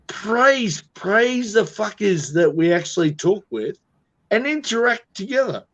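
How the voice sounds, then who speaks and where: A man's voice: high voice, very animated, measured pace, fairly bright tone. A man on a casual chat, rambling loosely and swearing heavily. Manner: profane, rambling, heavy swearing. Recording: dull lo-fi audio.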